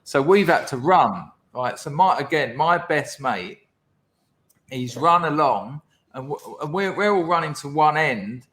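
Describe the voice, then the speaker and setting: A man as a podcast guest, telling a lively school anecdote in casual chat, laughing as he goes. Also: on the high side, measured pace. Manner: animated, laughing anecdote teller.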